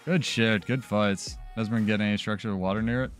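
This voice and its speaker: A man's voice: on the low side, fairly even intonation, a little fast, soft background music. A man talking casually as a streamer during live gameplay, loose and chatty with many fillers.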